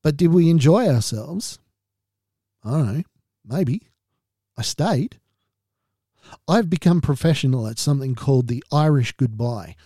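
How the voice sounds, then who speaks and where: A man's voice: mid-range voice, lively intonation, unhurried, pauses often, warm tone, no room sound, studio quality. An Australian man hosting a podcast, talking candidly and earnestly about his own experience, with a wry edge. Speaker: podcast host. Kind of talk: personal podcast monologue.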